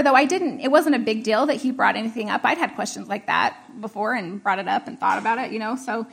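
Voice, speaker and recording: This middle-aged woman's voice is high and slightly rough as she shares a personal anecdote casually. Frequent laughter punctuates her lively reenactments of what people said.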